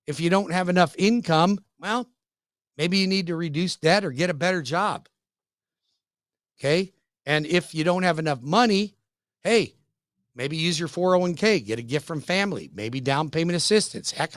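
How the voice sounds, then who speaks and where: A middle-aged man hosting a radio show, giving a pushy, folksy, emphatic sales pitch that repeats points for emphasis. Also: fairly bright tone, no room sound, studio quality. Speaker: radio show host and mortgage lender. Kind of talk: hard-sell radio pitch.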